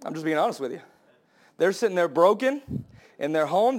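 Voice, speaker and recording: A young adult man preaching a sermon to his church, impassioned and building to high, emphatic cries. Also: lively intonation, moderate pace. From United States.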